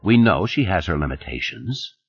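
A man's voice: deep voice, very animated, normal speed, slightly rough, full character voice. A man reading the part of an anxious, deferential male company lawyer who pleads and placates, in an audiobook. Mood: pleading. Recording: dull, dry studio recording.

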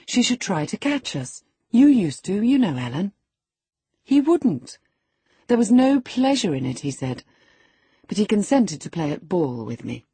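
A woman's voice: mid-range voice, unhurried, husky, no room sound, exaggerated voice. A woman reading as a proud, teasing young lady. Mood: animated. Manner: lively, scornful storytelling.

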